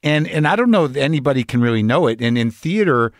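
A man's voice: mid-range voice, expressive, fast. Talk host guy, rambly and a bit sweary, dry close sound, no room echo. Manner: rambling storyteller, loose and swearing. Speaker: host, actor. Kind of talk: casual conversation.

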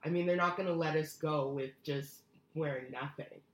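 Woman, podcast co-host, casual chat, very low voice, hesitant fillers, echoey room. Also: steady tone, normal speed. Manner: hesitant, many fillers and restarts.

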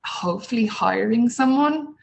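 A woman's voice: fairly high pitch, normal speed, vocal fry, slight background noise, poor audio. A woman, a guest on an interview podcast, talking casually and acting out the voices she quotes. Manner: animated storytelling, acts out quoted voices. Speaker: guest, small business owner.

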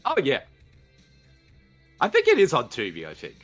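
Lively bright Australian man. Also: mid-range voice, normal speed, faint music behind. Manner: energetic, joking, laughs often. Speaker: podcast co-host. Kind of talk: casual watch-along commentary.

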